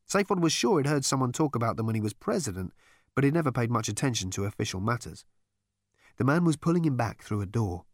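A man narrating an audiobook in an expressive storytelling manner. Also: mid-range voice, quick pace, no room sound, studio quality. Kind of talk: scripted narration.

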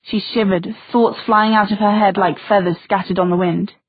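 A woman reads a novel aloud in a soft, intimate way, her voice husky and breathy. The audio is tinny and phone-like, and completely dry. Her pitch sits in a middle range. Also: fairly even intonation, moderate pace, dry recording. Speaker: audiobook narrator. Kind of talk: scripted narration.

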